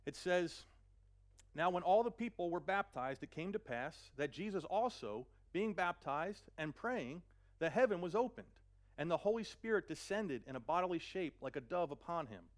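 A man's voice: sits high, lively intonation. A man preaching a sermon, earnest, often repeating a word as he gathers his thoughts. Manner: earnest, repeats words while searching, slows for scripture. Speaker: pastor.

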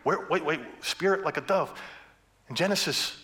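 A man's voice: on the high side, normal speed, pushed and bright. A man preaching a sermon as pastor, passionate and building to fervent emphasis, with playful humor between points.

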